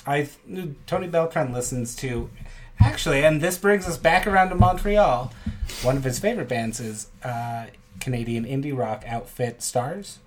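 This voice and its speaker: A man's voice: medium pitch, normal speed, a little hiss or hum. A man co-hosting a casual podcast, musing aloud with hesitant, rambling phrasing. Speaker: podcast co-host.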